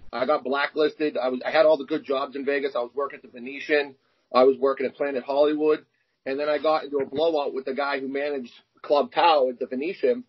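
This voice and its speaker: Being interviewed, a young man who arm wrestles shares candid personal stories in a husky, medium-pitched voice, animatedly acting out the dialogue. The recording has a dull, lo-fi quality.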